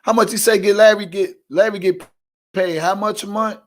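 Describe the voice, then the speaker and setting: A brash man, hosting an online show and talking profanely and loudly to his viewers. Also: high-pitched, fairly even intonation, normal speed. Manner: brash, loud, profane, repeatedly urging likes.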